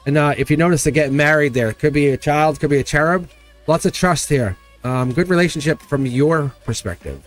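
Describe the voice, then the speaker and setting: A man hosting a live-streamed tarot reading. He talks straight to his viewers in an animated, chatty way and laughs often. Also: fairly high pitch, fairly quick, faint music behind.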